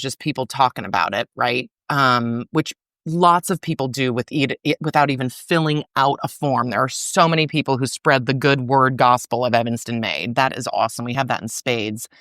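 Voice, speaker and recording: A middle-aged woman talking as a podcast guest about her arts organization, in a chatty, animated way full of fillers. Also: very deep voice, moderate pace, no room sound, clean studio sound. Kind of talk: casual interview conversation.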